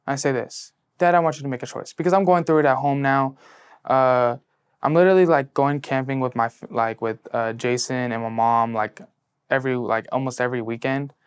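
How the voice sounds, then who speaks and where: A young man in his late teens, just out of high school, earnestly telling his personal faith story in an interview, full of "like" and moving between hushed and excited tellings. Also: brisk, smooth. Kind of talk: personal testimony in a sit-down interview.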